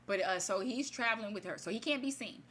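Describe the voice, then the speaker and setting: A woman's voice: a little high, fast talker, fairly bright tone. A woman casually retelling a fairy tale in her own words, rambling and chatty, with many restarts. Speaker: storyteller.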